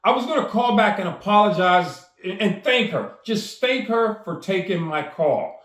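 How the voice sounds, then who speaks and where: A man's voice: high-pitched, very animated, moderate pace, fairly bright tone, reverberant. A man telling a personal story with enthusiasm, acting out the dialogue as he goes. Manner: enthusiastic, acts out quoted dialogue. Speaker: storyteller and speaker.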